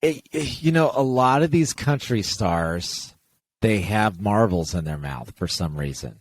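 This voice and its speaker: A man's voice: fairly low pitch, animated, a faint crowd. An older man hosting a casual music review chat, chatty and offhand. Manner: chatty, offhand, quick asides. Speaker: host.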